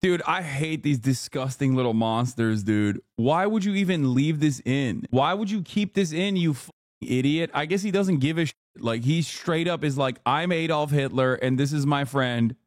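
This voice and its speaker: A male streamer talks over a clip in a profane, mocking way, slipping into voices to parody people. His voice sits a little high. The sound is dry and close, with no room echo. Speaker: streamer reacting to a video. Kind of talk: reaction commentary.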